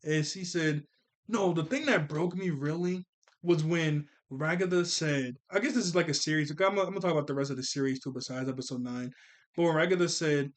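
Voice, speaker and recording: A man's voice: a little high, fairly quick. A man giving a casual spoken review of a cartoon, rambling with many fillers and restarts.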